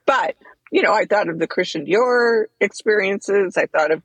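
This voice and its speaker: Gravelly, husky older woman. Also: mid-range voice, normal speed, no echo, low-quality recording. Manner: eating while talking, laughs often. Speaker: podcast co-host. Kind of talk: casual chat. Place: coffee shop.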